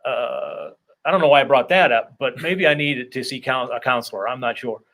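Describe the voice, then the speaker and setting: A man hosting a loose comedy chat, wandering off into jokes at his own expense. His voice is bright and forward at a middling pitch. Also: lively intonation, fairly quick. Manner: rambling, self-deprecating, joking asides. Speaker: podcast host. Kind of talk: casual comedic interview chat.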